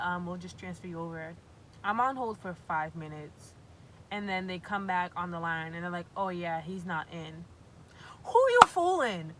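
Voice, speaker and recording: A young woman from Massachusetts telling a storytime vlog with animated, profane, exasperated storytelling. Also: mid-range voice, slight background noise, poor audio. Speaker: vlogger.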